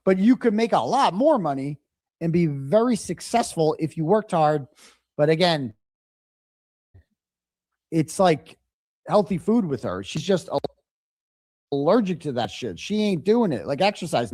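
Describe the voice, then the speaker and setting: Sarcastic man with a mellow voice. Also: high-pitched, expressive, normal speed, dry recording, clean studio sound. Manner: sarcastic, mocks people by mimicking them. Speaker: livestream co-host. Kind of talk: casual commentary.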